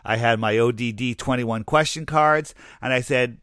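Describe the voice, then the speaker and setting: A man's voice: medium pitch, normal speed, a bit bright, smooth, no room sound, clean studio sound. A man co-hosting a casual podcast chat, telling an anecdote and acting out the people in it. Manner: storytelling, acts out quoted people. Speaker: podcast co-host.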